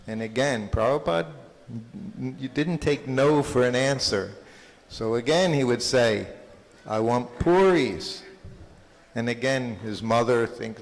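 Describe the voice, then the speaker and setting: A man giving a halting, reminiscing talk as a guest speaker at a temple anniversary, with many fillers and restarts. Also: mid-range voice, gravelly. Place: large temple hall. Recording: long hall reverb.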